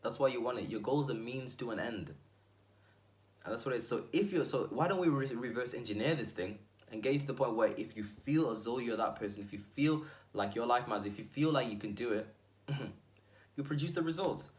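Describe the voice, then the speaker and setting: A man hosting his own video, giving an energetic motivational talk to the viewer with emphatic repetition and frequent asides. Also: medium pitch, fairly quick.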